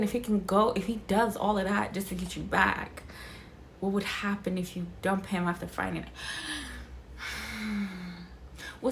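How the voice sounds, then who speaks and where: Young woman, reaction host, casual chat, blunt, swears a lot, slow, gravelly. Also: mid-range voice, a little hiss or hum. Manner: blunt, expressive, swears freely.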